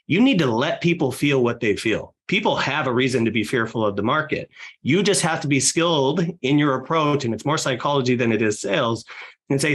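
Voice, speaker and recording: Energetic man talking shop on a podcast. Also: medium pitch, slightly rough. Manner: fast, energetic, acts out client dialogue. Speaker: real estate team leader guest. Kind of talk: podcast interview talk.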